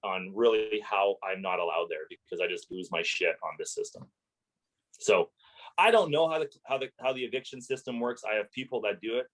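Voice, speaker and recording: A man, a landlord and podcast guest, telling a story in a casual interview, animated and swearing freely as he relives his anger. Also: mid-range voice, rough recording.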